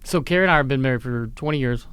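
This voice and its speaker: A man's voice: medium pitch, very fast, a bit bright, a little hiss or hum. A man in his forties co-hosting a podcast, telling stories in a loose, rambling way full of fillers. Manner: rambling, filler-heavy storyteller. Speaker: podcast co-host. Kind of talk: casual chat.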